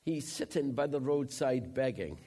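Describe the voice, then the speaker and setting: A man, preaching a sermon in an animated, conversational storytelling way. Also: medium pitch, moderate pace. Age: 70s.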